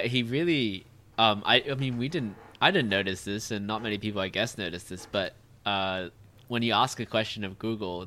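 A man's voice: fairly low pitch, pushed and bright. A man in casual conversation, talking in a rambling way with many fillers and restarts. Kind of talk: casual chat.

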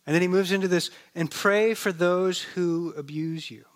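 A man preaching a sermon with a slightly high voice, telling stories in a relaxed, conversational way. He slows down and softens on the words he wants to land. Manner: conversational storytelling, drops soft and slow on key words. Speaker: pastor. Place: church.

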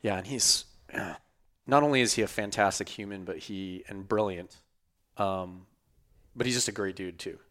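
A man's voice: low voice, unhurried, a bit bright. A podcast host chatting loosely and rambling, swearing casually, his voice worn from an earlier recording. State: losing his voice. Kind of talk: casual chat.

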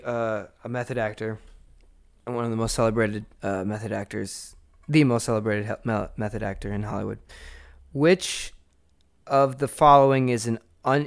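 A man's voice: mid-range voice, fairly bright tone, clear, resonant tone. A man co-hosting a casual movie podcast, joking and reading out trivia questions. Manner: runs trivia quizzes, joking. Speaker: podcast co-host.

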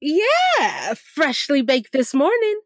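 A woman's voice: high voice, huge pitch swings, slow, no room sound, studio quality, full character voice. A woman playing a wealthy, flirty socialite who teases her friends, in an improvised tabletop role-play. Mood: smug. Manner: flirty and teasing. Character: rich teasing socialite woman.

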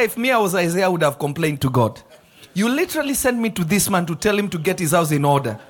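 A man preaching a lively sermon in a church, shouting and acting out voices. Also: sits high. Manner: animated, shouting and acting out quotes, laughing.

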